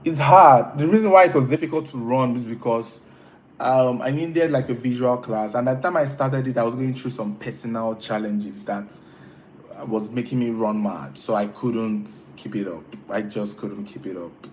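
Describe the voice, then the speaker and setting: A man's voice: medium pitch, moderate pace, a little mellow, rough recording. A man hosting a casual live stream, chatting with viewers, teasing them and laughing often. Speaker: livestream host reading chat.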